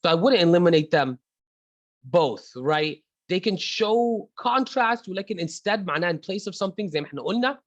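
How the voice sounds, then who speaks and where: A man's voice: high-pitched, lively intonation, quick pace, dry recording, lo-fi sound. A man with an Egyptian accent teaching an online class. He switches between English and Arabic mid-sentence and calls on students by name. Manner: chatty, addresses students by name.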